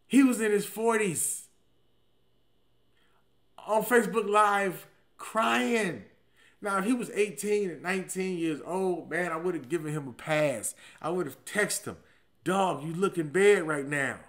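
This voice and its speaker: A male comedian in his forties with a slightly high-pitched voice, riffing through a profane, slangy story. He punches lines out loud and then drops into low, muttered asides. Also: unhurried. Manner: animated, swings between loud emphatic bursts and low muttered asides.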